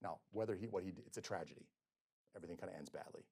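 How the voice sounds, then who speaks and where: A middle-aged male physician giving a lecture, telling stories and acting out quotes with sudden swings between loud and soft. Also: low voice, racing, husky. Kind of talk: lecture with storytelling. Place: lecture hall.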